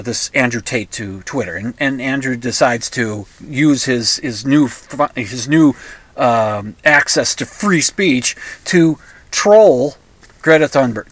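A man's voice: mid-range voice, a bit bright, dry recording. An older man talking in a casual, rambling monologue, sarcastic, with frequent restarts and asides.

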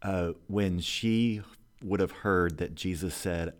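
A man's voice: sits low, slow pace. A man co-hosting a casual theological discussion, reflective and agreeable, often affirming his partner. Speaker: podcast co-host.

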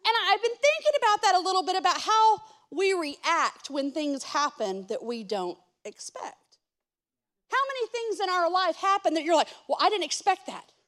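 High-voiced woman pastor preaching. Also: moderate pace. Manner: animated, self-mocking storyteller who acts out quotes. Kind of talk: sermon with a comic story.

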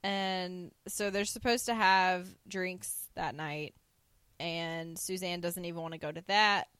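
A woman's voice: lowish voice, fairly even intonation, takes it slowly, fairly bright tone, clear, resonant tone, no echo. A woman co-hosting a podcast, retelling a TV episode in casual chat and quoting the characters with laughs. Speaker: podcast co-host.

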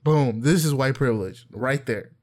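A man talking casually on a podcast, his voice at an everyday middle pitch. He tells stories with lively energy, slips into the voices of the people he quotes, and swears freely. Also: moderate pace. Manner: animated storytelling, acts out quotes, profane. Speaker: podcast co-host. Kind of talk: casual chat.

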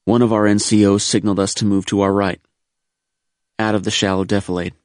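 A man narrating a first-person wartime memoir in a measured, sober, reflective way. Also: on the low side, level tone, darkish tone, no room sound, clean studio sound.

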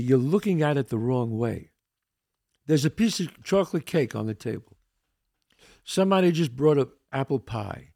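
A man's voice: mid-range voice, gravelly, warm tone, dry recording, clean studio sound. A man hosting a show, talking emphatically in a motivational monologue and acting out the voices he quotes. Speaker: podcast host.

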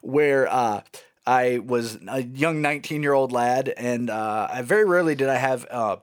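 A man's voice: mid-range voice, normal speed, clear, resonant tone. A man in his thirties telling a story in casual chat, rambling and self-mocking, often laughing at himself.

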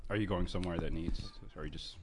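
Fast deep-voiced guy co-hosting, dry teasing one-liners. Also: fairly even intonation, a little hiss or hum. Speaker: podcast co-host. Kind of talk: casual podcast chat.

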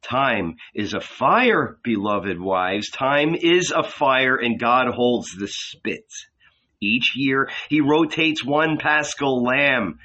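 Casting: man playing a compassionate prophet, measured and husky, with a lively pitch. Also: highs cut off, exaggerated voice. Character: calm, gentle male prophet.

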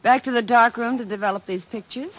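Feisty young woman voiced by a woman; high, husky tone, dull old radio sound. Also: fast, close to an everyday voice. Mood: defiant. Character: spirited young woman, photographer, then frightened client. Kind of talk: 1940s radio acting.

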